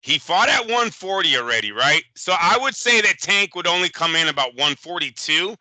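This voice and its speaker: A man co-hosting a boxing podcast in casual chat, animated and profane, often slipping into quick impressions. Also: on the high side, no room sound, poor audio. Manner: animated, profane, impersonates fighters. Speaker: boxing show co-host.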